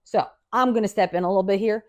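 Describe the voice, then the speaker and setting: A woman's voice: mid-range voice, quick pace. A woman hosting a podcast, telling a story in a casual, profane way and acting out the people in it. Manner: animated, profane, acts out quoted dialogue. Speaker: podcast host.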